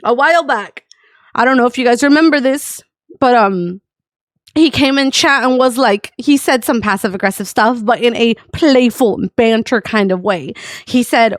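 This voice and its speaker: A woman's voice: a little high, normal speed, dry recording, studio quality. A woman streamer venting to her chat in a blunt, profane, emotional rant. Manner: emotional, tearful at times. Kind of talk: emotional ranting vlog.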